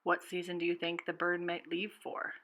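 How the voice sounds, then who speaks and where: A preschool teacher reading a storybook aloud to children and clearly explaining new words. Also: female voice, fairly low pitch, completely flat delivery, normal speed, fairly bright tone. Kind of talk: storybook read-aloud lesson.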